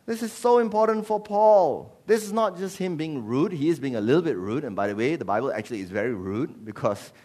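A man preaching a sermon as pastor, animated and jokey. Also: on the high side, brisk, few pauses. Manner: animated, jokey, switches into voices.

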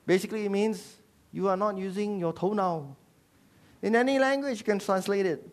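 A man preaching a sermon as pastor, animated and jokey. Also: high-pitched, moderate pace. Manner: animated, jokey, switches into voices.

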